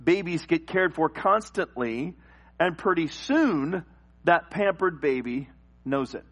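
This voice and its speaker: A middle-aged male pastor preaching a sermon, telling animated personal stories and acting out the scenes. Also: a little high, takes it slowly, husky. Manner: animated storytelling, acts out scenes and cries.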